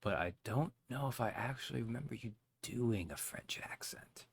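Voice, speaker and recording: A man's voice: mid-range voice, moderate pace, gravelly, slightly rough. A man hosting a let's play, giving rambling, self-deprecating commentary between lines. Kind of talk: casual gameplay commentary.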